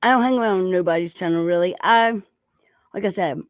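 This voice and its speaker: A woman's voice: lowish voice, a little fast, no room sound. A woman hosting a casual chat, talking while eating and laughing often. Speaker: channel host.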